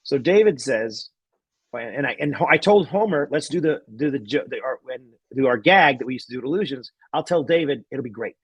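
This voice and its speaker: A man's voice: medium pitch, lively intonation, brisk, slightly rough, no room sound. A man, a guest magician, telling a rambling anecdote in casual chat, laughing often and restarting sentences.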